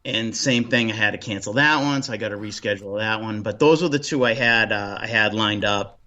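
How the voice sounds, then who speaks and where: A man from Boston with a Boston accent, chatting as a guest in a relaxed interview, rambling with lots of restarts and ums. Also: fairly low pitch, fairly quick, dull audio. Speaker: paranormal investigator guest. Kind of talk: casual interview chat.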